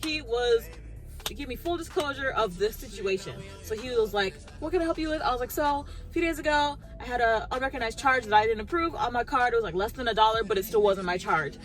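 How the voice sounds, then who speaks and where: A woman's voice: on the high side, fast, faint music behind. A woman vlogger telling a story as a casual rant, acting out both sides of her conversations.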